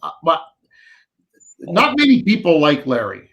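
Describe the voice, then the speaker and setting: A man's voice: a little high, wildly swooping pitch, unhurried, vocal fry, fairly bright tone, highs cut off. A man co-hosting a live fishing show, chatting animatedly and reading out viewer questions.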